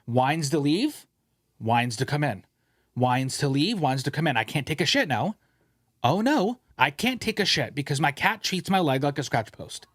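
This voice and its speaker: Man, podcast host, casual studio chat, animated and profane, raised pitch, dry close sound. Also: moderate pace, dry recording. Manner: animated, profane, rambling storyteller.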